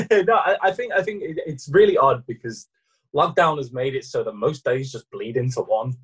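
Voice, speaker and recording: Young man, slightly husky voice, podcast co-host, hesitant, self-deprecating chat. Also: mid-range voice, animated, normal speed, fairly bright tone, rough recording.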